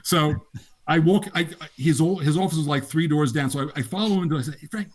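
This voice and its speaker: A man's voice: on the high side, fairly quick. An older man, a game designer, casually telling laughing anecdotes in an interview. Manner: animated, laughing anecdotes with acted quotes.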